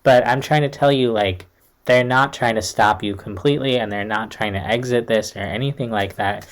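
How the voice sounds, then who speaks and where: A man's voice: lowish voice, moderate pace. A young man giving a casual, reassuring tarot reading to camera, talking in a loose, chatty way full of fillers. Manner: chatty, reassuring, uses many fillers like "like" and "kind of". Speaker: tarot reader.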